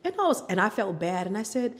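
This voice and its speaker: A woman's voice: medium pitch, quick pace. A middle-aged woman, a podcast guest, telling her personal story candidly and acting out what family members said. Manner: animated, acts out quoted family members.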